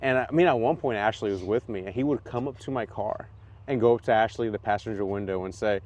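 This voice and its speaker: Speaking quickly in a lowish voice, a man shares animated stories on a casual podcast he co-hosts, voicing other people's quotes and laughing frequently. He's a driver, recorded outside at a race track where faint outdoor noise can be heard.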